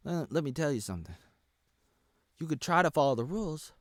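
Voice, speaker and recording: A man in his thirties from the United States delivering an erratic ranting monologue, dropping to low mutters and then yelling. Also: big pitch swings, a little fast, no room sound. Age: 30s. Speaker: vlogger.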